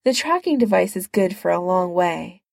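A woman reading the lines of a quick-witted, flirtatious male inventor flying a plane, in a wry, teasing way. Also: on the low side, lively intonation, gravelly, a little mellow, no echo, clean studio sound. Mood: bantering.

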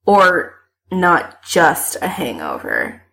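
A woman's voice: lowish voice, wildly swooping pitch, drawn-out words, fairly bright tone, full character voice. A woman reading an audiobook voices a miserable young man who speaks in a terse, subdued way. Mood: glum. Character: glum, weary young man, miserable and blunt. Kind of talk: audiobook character voice.

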